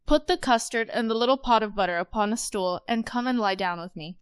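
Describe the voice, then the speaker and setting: A woman voicing a sly, hungry male wolf disguised as a grandmother, speaking soft, low and coaxing. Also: brisk, smooth, close to an everyday voice.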